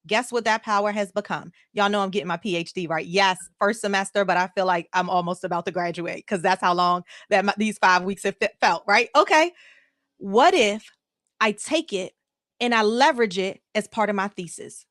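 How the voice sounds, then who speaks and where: A woman life coach hosting a live online show in an energetic, emphatic way, repeating words for emphasis. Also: mid-range voice, a little fast, no room sound, studio quality. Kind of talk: upbeat live-stream motivational talk.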